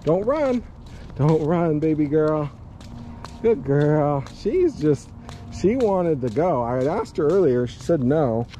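A man's voice: very animated, slow pace, warm tone, a little hiss or hum. A man talking casually to an action camera while out walking his dog, at times out of breath. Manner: high sing-song baby talk to his dog. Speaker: vlogger. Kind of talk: casual daily vlog. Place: outdoors on a hot walk, then in a car. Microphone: handheld action camera.

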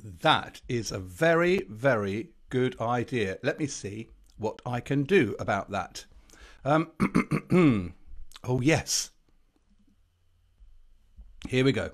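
A man's voice: medium pitch, lively intonation, slow, pauses often. A man co-hosting a children's sing-along livestream, playful and eager in his banter. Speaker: co-host and singer.

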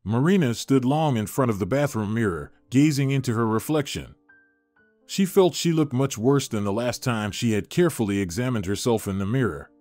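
Male storyteller, mid pitch, measured and even, dry close sound with faint music. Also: no room sound. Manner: steady, measured reading. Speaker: narrator. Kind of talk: scripted story narration.

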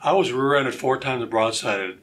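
Bright-voiced man telling a testimony. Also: medium pitch, moderate pace. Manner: animated, acts out quoted voices. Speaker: guest. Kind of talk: storytelling testimony.

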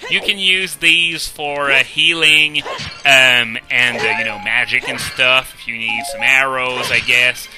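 A man's voice: medium pitch, fairly even intonation, a little slow, low-quality recording. A young man giving casual gameplay commentary, chatty and self-deprecating, with frequent "uh"s and "um"s. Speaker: let's play commentator. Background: video game music.

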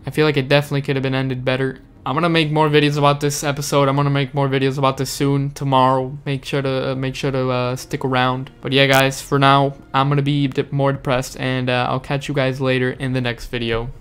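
A man's voice: medium pitch, completely flat delivery, quick pace, hardly any pauses, a bit bright, clear, resonant tone. A man giving a frustrated, swearing, dejected rant in a casual video review, sounding upset. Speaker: show reviewer.

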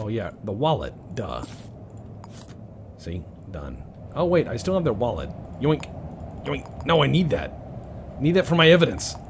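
Man joking through a game, lively pitch. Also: noisy background. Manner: joking, mutters to himself. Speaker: let's-play gamer. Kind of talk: casual game commentary.

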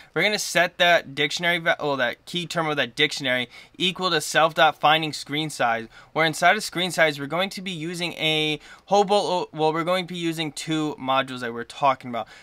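Man, coding tutorial host, bright crisp voice, dry close sound, eager, self-correcting. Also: a little high, no echo. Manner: enthusiastic, self-correcting mid-sentence. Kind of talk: screen-share coding tutorial.

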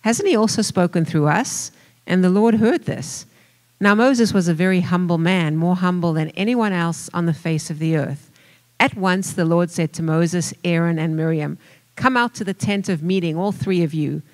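A congregant with a South African accent reads scripture aloud at a steady, careful pace. The voice sits at a middle pitch and is recorded dry and close. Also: moderate pace, no echo, low-quality recording. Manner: steady, careful reading with small self-corrections.

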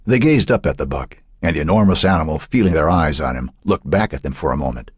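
A man narrating an audiobook with expressive storytelling. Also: very deep voice, quick pace, few pauses, slightly rough, no room sound, clean studio sound. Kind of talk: scripted narration.

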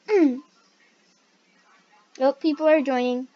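A woman hosts a gaming video in casual gameplay commentary, with a slightly high voice. She talks slowly but in an excitable, chatty way and yelps when something startles her. The recording sounds dull and lo-fi. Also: dry recording.

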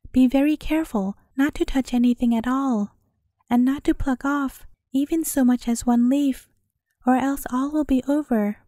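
A woman's voice: high voice, mellow, no echo, studio quality. A woman voicing a loyal, protective male bull who gives earnest warnings in a storybook reading.

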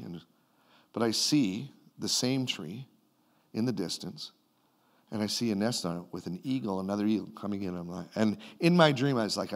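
A Canadian man, a pastor, telling a dream and a vision in a sermon, with his voice swinging between loud bursts and quiet moments. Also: on the low side. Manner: animated, retells a vision in a rising and falling voice. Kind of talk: sermon storytelling.

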